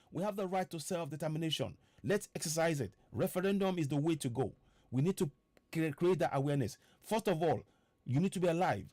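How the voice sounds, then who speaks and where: A man's voice: on the high side, a little mellow, no echo. A man with a Nigerian accent hosting an impassioned online broadcast, firing off repeated rhetorical questions with stammering restarts. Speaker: political activist host.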